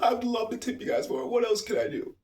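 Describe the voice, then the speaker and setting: A man's voice: very high voice, big pitch swings, a little fast, a little mellow, a little hiss or hum, pitched above the performer's own voice. A man voicing an overjoyed customer who is close to tears and pours out effusive thanks. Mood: gushing. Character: gushing grateful customer near tears.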